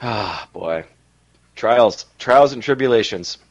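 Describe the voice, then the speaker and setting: A man's voice: on the low side, animated, slow, highs cut off. A young man and co-host, telling a story in casual chat with chuckles. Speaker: podcast co-host.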